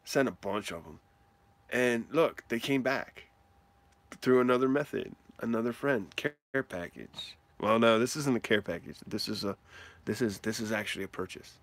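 A man's voice: fairly low pitch, moderate pace, no echo. A man streaming live, opening card mail and chatting with viewers, whooping and laughing often. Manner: animated, whoops and laughs often, talks to chat. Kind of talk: excitable live stream mail-day chat.

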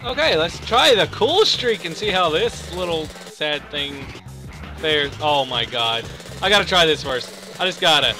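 A young man commentating a physics game he is playing, excitable, swearing and shouting at the screen. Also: a little high, moderate pace, music in the background. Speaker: gaming YouTuber. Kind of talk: let's play commentary.

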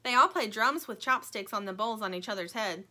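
A woman's voice: medium pitch, expressive, a little fast, sharp tone. A woman voicing a bossy, know-it-all female toy stingray in a storybook, speaking with confident self-importance. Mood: inventive. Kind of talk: storybook character voice.

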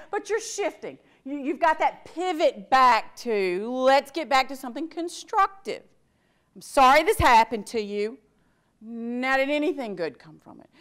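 A woman workplace trainer lecturing a class, acting out sample phrases as she goes. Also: on the high side. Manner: animated, acts out sample phrases.

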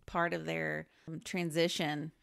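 A woman's voice: sits low, flat delivery, a little slow, gravelly, fairly bright tone. A woman co-hosting a podcast, chatting casually about a movie and swearing freely. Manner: chatty, swears, laughs easily. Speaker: podcast co-host. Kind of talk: casual movie recap chat.

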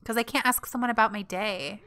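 A young woman giving casual, giggly let's-play commentary, gushing and voicing her character in quick asides. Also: on the high side, bright, forceful tone. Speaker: gameplay commentator.

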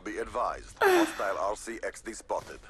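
A man's voice: fairly low pitch, wildly swooping pitch, normal speed, background noise. An actor voicing a curt, commanding male military announcer in a shooter game, with clipped radio-style callouts.

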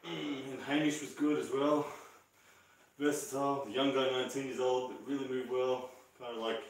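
A man leading a live-streamed arm wrestling session, chatting casually, laughing often and shouting during matches. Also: mid-range voice, little pitch movement, moderate pace. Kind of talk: casual live-stream chat while training. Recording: echoey room from far off.

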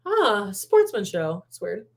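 A woman from Canada co-hosting a casual watch-along podcast, sarcastic and quick to mock. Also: medium pitch, huge pitch swings. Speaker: podcast co-host.

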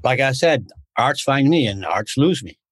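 An American martial arts instructor, a guest on a podcast, rambles through stories in casual conversation and often restarts his sentences. His medium-pitched voice is expressive at a normal speed, with slight background noise.

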